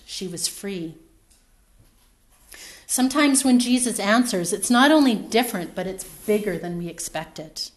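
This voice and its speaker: A woman preaching a sermon in a reflective, storytelling manner, her phrases trailing off softly. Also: medium pitch.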